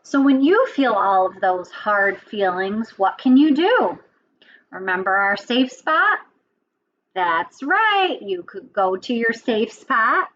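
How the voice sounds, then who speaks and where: A woman teacher giving a children's lesson, speaking gently and often checking in with a question. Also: on the high side, very animated, takes it slowly, dull audio, slight background noise. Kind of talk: children's lesson and storybook reading.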